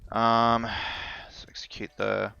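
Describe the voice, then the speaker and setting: Aussie guy rambling and laughing while coding on stream, gravelly voice, dull lo-fi sound. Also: on the low side, completely flat delivery, slow, bright, forceful tone, no room sound. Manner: rambling, laughs often, many fillers and restarts. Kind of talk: casual chat while live coding. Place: home office.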